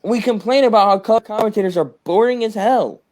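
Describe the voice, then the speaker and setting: A man co-hosting a sports podcast, talking in a rambling, animated way and acting out quotes. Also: high voice, fast talker. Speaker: podcast co-host. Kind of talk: casual sports chat.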